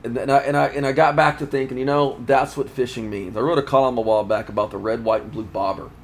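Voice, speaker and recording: Guy talking earnestly about fishing, mid pitch, keeps restarting, faint background hum. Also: fairly even intonation. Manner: earnest, reflective, halting with restarts. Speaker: fishing magazine editor. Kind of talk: casual chat. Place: fishing trade show floor.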